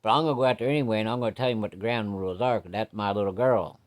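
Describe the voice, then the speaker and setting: Blustering angry dad, cussing, loud, high and strained, as a storyteller puts him on. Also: male voice, very fast, natural voice. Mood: furious. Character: hot-tempered blustering working-class father.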